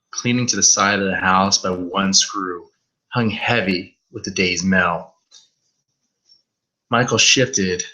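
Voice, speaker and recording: A man's voice: low voice, bright, forceful tone, poor audio. A man reading a horror story aloud on a live stream, stumbling over words now and then and swearing in asides.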